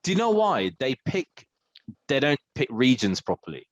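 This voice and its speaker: A man's voice: mid-range voice, very animated, moderate pace, no echo. A man co-hosting a podcast, chatting casually with lots of fillers, restarts and laughter. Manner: rambling, many fillers and restarts, laughs often. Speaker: podcast co-host. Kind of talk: casual chat.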